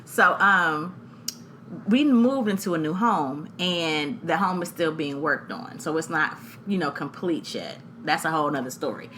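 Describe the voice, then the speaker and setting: A woman, co-hosting a podcast and telling a story, animated and laughing, acting out voices. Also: low voice, unhurried, a little hiss or hum. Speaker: podcast co-host. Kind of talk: casual storytelling chat.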